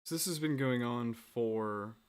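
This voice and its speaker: A man's voice: medium pitch, unhurried, clean tone. A man hosting a casual interview, asking probing questions in a hesitant way, with many filler words. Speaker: interviewer host.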